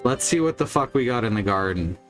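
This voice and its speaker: A man's voice: mid-range voice, expressive, a little fast, faint music behind. A man streaming a video game, chatting casually with a rambling, wry manner and casual swearing. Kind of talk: casual gameplay chat.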